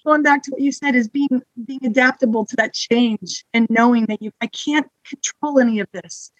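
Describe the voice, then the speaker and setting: A woman who manages hospital security, chatting as a podcast guest and telling stories with lively acted-out quotes. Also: on the high side, normal speed, no echo, lo-fi sound. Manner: lively storyteller who acts out quoted exchanges. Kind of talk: casual interview chat.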